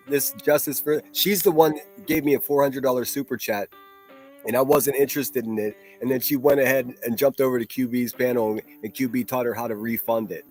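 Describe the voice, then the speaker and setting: A man hosting a solo livestream, ranting in a profane, mocking and combative way. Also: mid-range voice. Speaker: livestream host.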